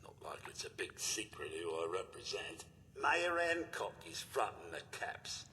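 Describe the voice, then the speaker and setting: A man's voice: lowish voice, sing-song, a little slow, pushed and bright, heavily acted. A man voicing a brash robot bartender with a London accent, a slangy haggling hustler. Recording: game audio with reverb and faint hiss.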